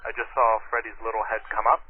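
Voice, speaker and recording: A man's voice: lowish voice, little pitch movement, fast talker. A man calling in to a radio show, talking casually and hesitantly with lots of fillers. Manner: hesitant, many fillers, laughs often. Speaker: caller. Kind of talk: casual phone-in chat. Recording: tinny phone line with faint hiss.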